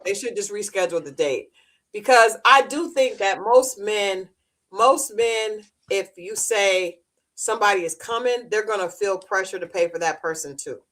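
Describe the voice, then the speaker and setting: A woman's voice: medium pitch, a bit bright. Woman co-host weighing in casually. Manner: reactive, gives opinions in measured phrases. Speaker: podcast co-host. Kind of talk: casual chat.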